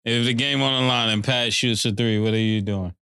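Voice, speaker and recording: A man co-hosting a casual podcast, mostly chiming in with short replies and quick questions. His voice is smooth and resonant at a middling pitch. He speaks in a relaxed, conversational way. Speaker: podcast co-host. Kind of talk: casual chat.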